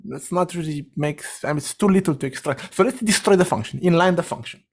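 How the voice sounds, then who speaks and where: A man's voice: fairly high pitch, slightly rough. Man talking through code aloud. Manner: thinks aloud, directive, quick asides. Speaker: session facilitator. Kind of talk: guiding a live coding session.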